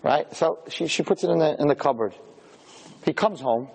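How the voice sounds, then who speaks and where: A man giving a sermon as an animated, excitable storyteller. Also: a little high, normal speed, vocal fry, breathy edge. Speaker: lecturer. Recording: long hall reverb.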